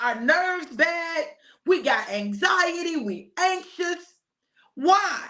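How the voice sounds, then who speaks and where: A middle-aged woman preaching an informal sermon in a lively, conversational way, addressing her listeners as y'all. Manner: preachy, conversational, uses y'all and folksy phrasing; lively, emphatic, rising to high pitch for emphasis. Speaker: pastor and prophetic speaker. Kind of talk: informal sermon, live stream.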